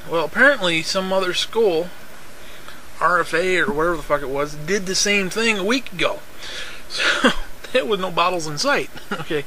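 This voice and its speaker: A man with a high, bright voice tells a long personal story in a loose, conversational way. He rambles, swears casually, and often circles back to repeat himself. Short laughs break into his telling. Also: measured pace, a little hiss or hum, low-quality recording.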